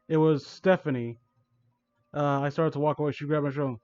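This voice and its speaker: A man's voice: fairly high pitch, fairly even intonation, fairly quick, a little mellow, no echo, lo-fi sound. A young man reading a fan story aloud for comedy, breaking off into sarcastic, exasperated commentary.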